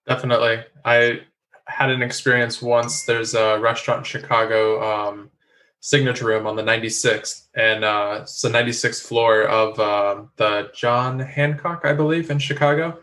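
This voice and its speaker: Bright, flat-voiced male host. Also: mid-range voice, normal speed, slight background noise, rough recording. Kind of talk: casual interview.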